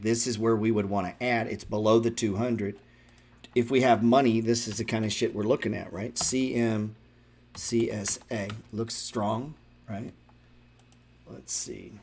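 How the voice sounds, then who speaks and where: A man hosting a stock trading show, giving loose, profane live market commentary and talking straight to his viewers. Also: lowish voice. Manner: excitable, profane, talks to viewers directly.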